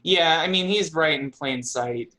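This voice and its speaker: Slow, bright-voiced male game master. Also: fairly high pitch, rough recording. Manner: unhurried, filler-heavy narration. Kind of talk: narrating a tabletop game.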